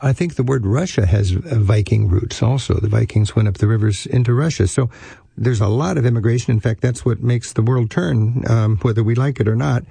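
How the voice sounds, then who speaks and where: A man's voice: medium pitch, fairly quick, creaky, dark tone, breathy edge, no echo. A man hosting a travel radio show, chatting with a guest in an enthusiastic, rambling way, with a dry studio sound and faint music. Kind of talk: conversational radio interview.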